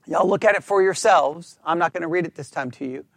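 A man teaching a Bible class, thinking out loud and checking in with listeners often for agreement. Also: fairly high pitch, brisk, dry recording. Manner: talks through ideas out loud with restarts.

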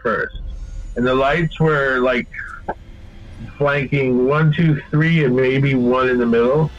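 Man, casual storyteller, rambling and profane, mid pitch, dull lo-fi recording with faint music. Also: takes it slowly, a little hiss or hum. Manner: profane, rambling, animated when quoting. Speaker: guest telling a story.

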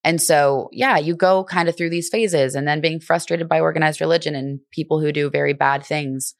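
Animated young woman telling a story. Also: deep voice, moderate pace, no room sound, studio quality. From Brooklyn. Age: 20s. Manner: animated storytelling, acts out quotes. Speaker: podcast guest, fitness instructor. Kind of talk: casual conversation.

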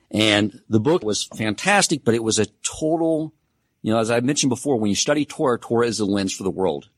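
A man's voice: fairly low pitch, animated, fairly quick, no echo. A man teaching a Torah class in a casual, conversational way. He tells stories with self-deprecating humor.

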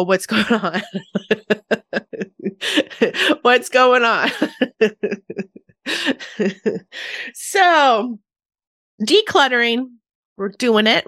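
A woman hosting a casual solo podcast, chatty, laughing often and swooping up and down in pitch. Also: pushed and bright, no room sound, studio quality. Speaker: podcast host.

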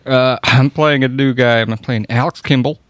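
A man's voice: mid-range voice, steady tone, moderate pace. A man playing a tabletop game, introducing his character in a laid-back, rambling way. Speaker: player.

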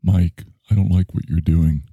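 A man voicing Ori, a blunt, grumbling scone-eating male character with a flat, accusing manner. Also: low voice, moderate pace, slightly rough, no room sound, narrow, tinny audio.

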